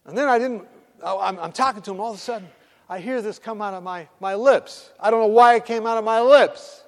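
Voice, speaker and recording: A man's voice: high voice, brisk, in a large hall. A man telling a story from his hospital work in a sermon, acting out the voices and dropping to whispers. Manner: animated, acts out voices, drops to whispers.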